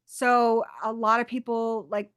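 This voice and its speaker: A woman's voice: fairly high pitch, flat delivery, unhurried, fairly bright tone, clean tone. A woman from England, with an accent mixing British and American, chatting casually and rambling a little. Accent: mixed British and American. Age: adult. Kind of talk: casual chat.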